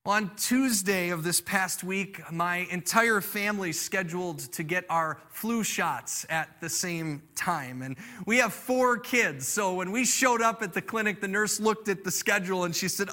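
A man's voice: sits high, moderate pace, hardly any pauses, pushed and bright. A man in his thirties preaching a sermon, reading scripture and then telling a family story in an earnest way, acting out the people he quotes. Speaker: pastor.

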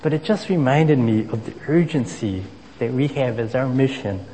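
A man preaching a sermon in a relaxed, conversational manner, filling pauses with "you know" as he moves between scripture and everyday stories. His mid-range voice carries a long reverb tail, as if he is speaking in a large hall. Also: mid-range voice, slight background noise. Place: Boston area.

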